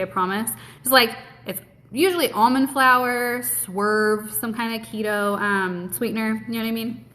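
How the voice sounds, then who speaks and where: A woman's voice: mid-range voice, a bit bright. A woman hosting a live stream from home, chatting casually and cursing freely while she eats and answers viewer questions. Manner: blunt, cheerful and heavily profane; talks with her mouth full while eating. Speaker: host of a live keto Q&A stream.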